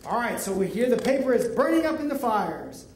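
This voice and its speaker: A woman's voice: a little high, a little fast. A woman teaching in a church children's ministry, directing children through a Bible story skit and acting out lines for them. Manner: animated, coaching, acts out the lines for the children. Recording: echoey room, mic far off, noisy.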